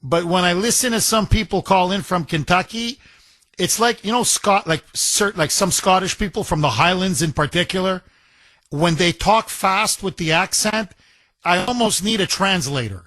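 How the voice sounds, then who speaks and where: A man's voice: sits high, a little slow, sharp tone, no room sound. A man hosting a call-in talk radio show, emphatic and combative, joking with his callers. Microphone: studio microphone.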